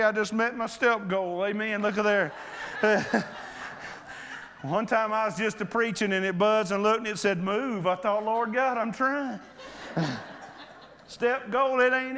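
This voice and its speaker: A man preaching an impassioned sermon, acting out Bible characters and often breaking into shouts. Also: sits high. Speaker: pastor. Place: church sanctuary. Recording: long hall reverb.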